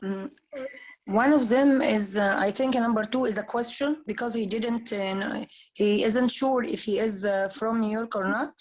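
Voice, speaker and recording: A woman's voice: on the high side, moderate pace, low-quality recording. A woman taking part in a teacher training, answering hesitantly and thinking aloud.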